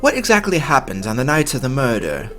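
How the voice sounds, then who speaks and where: A man voicing a dignified, stiff lawyer in a game, with a put-on British accent and a low, measured, formal delivery. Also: huge pitch swings, a bit bright, soft background music. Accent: mock British.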